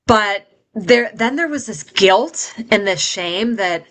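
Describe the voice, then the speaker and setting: A woman's voice: medium pitch, measured pace, pushed and bright. A middle-aged woman telling a painful personal story as an interview guest, in an earnest, heartfelt way.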